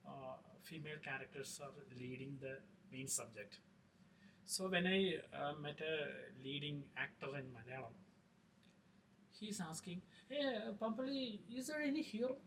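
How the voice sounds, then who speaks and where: A middle-aged man, a film director talking in an interview, halting with many fillers and restarts. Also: a little high, creaky, fairly bright tone. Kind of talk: casual interview talk. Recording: distant mic with faint noise.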